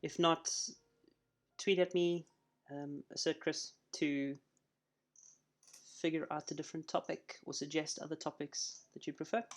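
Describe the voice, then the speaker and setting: A man streaming a live coding session, chatting casually and thinking out loud as he works. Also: on the high side, level tone, a little slow, pauses often.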